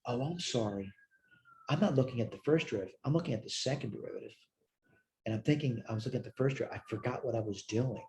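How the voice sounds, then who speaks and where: This weary man talks fast in a mid-range, darkish voice, with a faint hiss or hum on the recording. He's a math instructor giving a recorded lecture, reasoning out loud through problems, fixing his own mistakes and answering his own questions.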